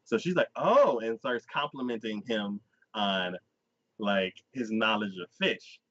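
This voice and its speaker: A man hosting a casual podcast chat, recapping a story with lively energy and acting out the characters' lines. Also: on the low side, unhurried, dry recording. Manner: animated storyteller who acts out characters' lines in quoted voices. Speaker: podcast host. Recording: dull, dry lo-fi recording.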